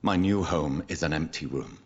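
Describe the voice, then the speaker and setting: A man voicing a sad, gentle young vampire son in a game, speaking quietly and mournfully. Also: a bass voice, moderate pace, muffled recording, a little hiss or hum. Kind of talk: game voice acting.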